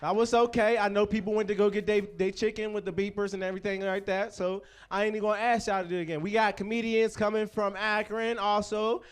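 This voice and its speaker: A man's voice: high-pitched, flat delivery, fast, hardly any pauses, smooth. A man in his twenties from Pittsburgh, hosting a stand-up show with loose, profane banter and crowd work. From Pittsburgh, USA. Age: 20s. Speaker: comedy show host.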